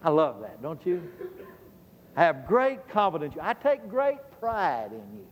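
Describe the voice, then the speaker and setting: A middle-aged man delivers a Bible lesson as a sermon, pressing his points and firing questions at the room before answering them himself. His voice sits a little high for a man. Long reverb from a large hall trails each line. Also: wildly swooping pitch, measured pace, a little hiss or hum. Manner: emphatic, asks the audience questions and answers them. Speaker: preacher teaching a Bible lesson.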